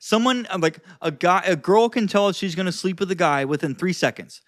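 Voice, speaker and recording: A man with a notably high voice gives social and dating advice in an animated, profane vlog style, often acting out different tones. The recording is bone-dry with no room sound. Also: a little fast, no echo. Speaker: social skills and dating coach.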